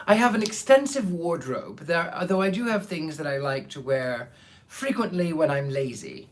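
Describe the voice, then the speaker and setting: Casual chat and reading aloud fill this clip from a live online reading show. The host, a man with a fairly high, expressive voice at normal speed, greets viewers by name and jokes with them theatrically before moving on to the book.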